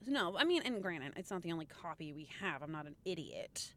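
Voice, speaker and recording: A woman's voice: fairly low pitch, sing-song, a little fast, a bit bright, slight background noise. Blunt, swearing woman co-host. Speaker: podcast co-host. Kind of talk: casual chat.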